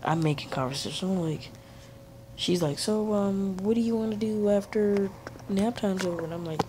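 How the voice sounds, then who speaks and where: A man's voice: high-pitched, normal speed, darkish tone, a little hiss or hum, poor audio. A young man tells a casual, rambling story while playing a game, acting out what people said in raised voices. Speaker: gaming video creator.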